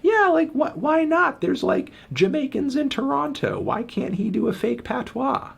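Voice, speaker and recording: A man voicing a shrill, silly male fan who makes excuses, in an exaggerated squeaky tone. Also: very animated, unhurried, gravelly, breathy edge, exaggerated voice. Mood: mocking.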